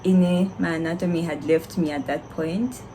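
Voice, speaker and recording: Young woman, vlogger, lowish voice, animated storytelling. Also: normal speed, slight background noise, low-quality recording. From Zambia. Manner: animated, laughing, candid. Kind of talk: casual storytelling vlog.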